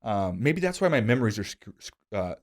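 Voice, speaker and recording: Animated man telling stories with a low voice. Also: a little fast. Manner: animated storyteller, jumps to high excited pitch when quoting himself; self-deprecating humor, frequent fillers like "like". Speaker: podcast host. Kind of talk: casual conversational storytelling.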